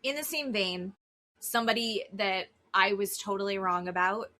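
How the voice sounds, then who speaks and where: A woman's voice: medium pitch, moderate pace, bright, forceful tone. A woman co-hosting a podcast, giving emphatic opinions in casual chat. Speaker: podcast co-host.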